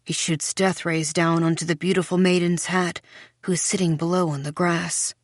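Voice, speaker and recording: Woman reading an audiobook, lowish voice, dry close mic, measured. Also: level tone, no room sound. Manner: measured storytelling. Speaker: audiobook narrator. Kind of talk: first-person audiobook narration.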